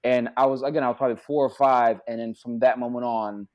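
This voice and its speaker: A man, an actor guest on a podcast, telling stories in an animated, casual way with plenty of cursing and acted-out quotes. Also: medium pitch, fast, lo-fi sound. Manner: animated, profane, acts out quotes. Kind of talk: casual storytelling.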